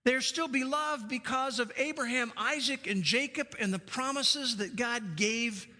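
A man's voice: extremely high pitch, measured pace, pushed and bright. A male preacher delivering a sermon, emphatic, repeating key phrases for stress. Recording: long hall reverb.

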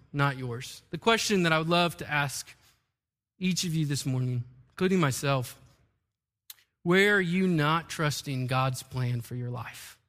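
Animated high-voiced man preaching. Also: big-room sound. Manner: animated storytelling, acts out quotes. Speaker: pastor. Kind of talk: sermon.

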